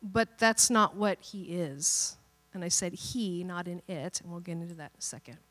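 A woman pastor preaching a sermon in a playful, animated way, acting out quotes and joking with the congregation. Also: on the low side, moderate pace.

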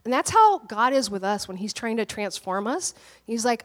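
A woman pastor in her thirties, slightly hoarse from a cold, telling a personal story in an animated, candid sermon. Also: fairly high pitch, moderate pace, big-room sound.

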